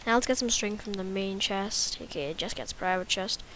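A woman's voice: mid-range voice, moderate pace, fairly bright tone, slight background noise. A woman giving casual, rambling, self-mocking commentary while playing a video game. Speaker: gaming YouTuber.

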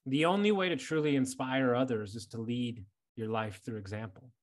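A man in his thirties hosting a podcast, speaking in a casual, blunt way. He swears without a second thought and doubles up on words when he gets going. His voice sits at an ordinary middle pitch. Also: moderate pace. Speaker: podcast host.

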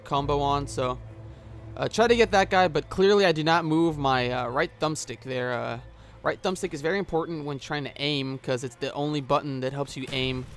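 A man's voice: a little high, moderate pace, few pauses, fairly bright tone. A man giving casual gameplay commentary as a gaming YouTuber, rambling with many filler sounds and swearing at the game, recorded on a headset mic.

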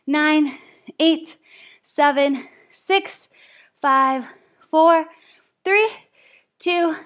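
A woman's voice: high-pitched, very slow, fairly bright tone. A young woman fitness instructor coaching a live workout class, out of breath, counting reps and cheering people on. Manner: counts reps aloud, upbeat encouragement.

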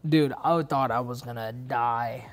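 A man's voice: mid-range voice, fairly even intonation, measured pace, crowd noise. A young man co-hosting a podcast, telling stories in loose slangy casual chat. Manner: laid-back slangy storytelling, says "bro" and "dude" a lot. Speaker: podcast co-host.

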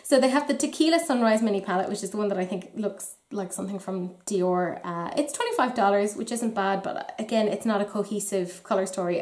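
A woman's voice: medium pitch, a little mellow. Chatty Irish woman in a roomy room. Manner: chatty, wry, self-deprecating asides. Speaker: beauty vlogger. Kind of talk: casual chat about makeup releases.

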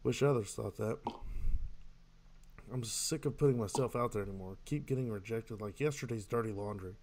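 A man's voice: lowish voice, moderate pace, darkish tone. A man doing let's play commentary, reading in-game texts aloud and answering them with jokes. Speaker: gamer.

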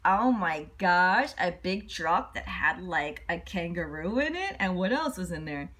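A woman reading a children's picture book aloud in an expressive, slightly halting way. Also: fairly low pitch. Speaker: storyteller.

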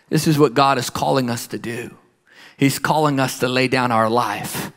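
A man preaching a sermon with passion, slowing down to repeat key phrases for emphasis. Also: mid-range voice, fairly even intonation, a bit bright. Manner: impassioned, with slow emphatic repetition.

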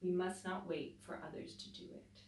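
A woman teacher reading a picture book aloud to children, pausing to explain things as she goes. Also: fairly low pitch, slight background noise. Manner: slow, expressive storytelling with explanatory asides. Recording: roomy echo, voice from a distance.

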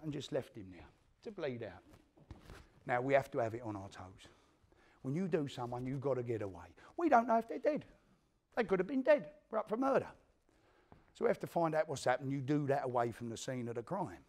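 Delivered a little fast, with big swings in a medium-pitched, darkish voice, this stage monologue has an actor with a London accent playing a hard, vindictive male gangster. He boasts grimly about a brutal feud in foul, swearing language, re-enacting the scenes as he tells them.

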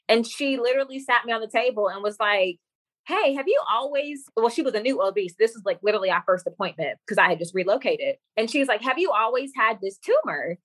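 A young woman speaks as a podcast guest, telling a personal story in a casual, lively way. Her pitch sits mid-range, and she jumps up high when she mimics other people. The recording is dry and close, with no room sound. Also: no room sound. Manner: lively storyteller who acts out quoted dialogue. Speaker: podcast guest, women's coach.

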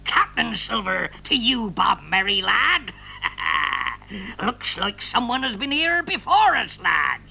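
A performer voicing a scheming old male pirate captain in a children's puppet show, with a gruff rustic drawl. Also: medium pitch, very animated, slow, bright, forceful tone, heavily acted, poor audio. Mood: smug.

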